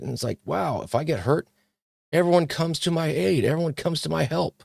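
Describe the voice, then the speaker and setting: A man's voice: a little high, moderate pace, vocal fry, darkish tone, dry recording. A male podcast host reading points off a list and reacting with sarcastic, mocking asides.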